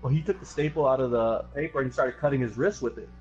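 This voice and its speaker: Young dude streamer telling crazy stories, bro this bro that, kinda dull audio. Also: male voice, medium pitch, fast talker. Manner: animated storyteller, says bro a lot. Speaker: streamer and podcast host. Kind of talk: casual chat, storytelling. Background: faint music.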